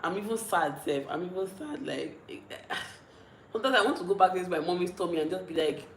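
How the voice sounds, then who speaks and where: This Nigerian-accented young woman is a vlogger chatting casually on a livestream, where she reads comments and rambles, frequently giggling and starting over in a mellow, slightly tipsy mood. Her voice sits on the low side at a normal speed. Poor audio gives it a roomy sound with a little hiss or hum.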